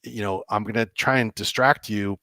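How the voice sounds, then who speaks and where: A man, a game developer guest on a podcast, telling an animated story and acting out the dialogue with lots of restarts. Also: on the low side, normal speed, no echo. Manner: excitable, acts out quoted dialogue, many restarts.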